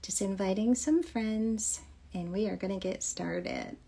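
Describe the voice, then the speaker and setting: A woman from Michigan hosts a casual livestream about children's books as part of a children's author show. Her medium-pitched voice is unhurried, creaky and dark in tone, and she's upbeat and chatty, laughing often.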